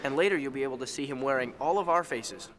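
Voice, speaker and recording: A man's voice: mid-range voice, quick pace, a bit bright. Playful man in casual chat. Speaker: actor interviewed.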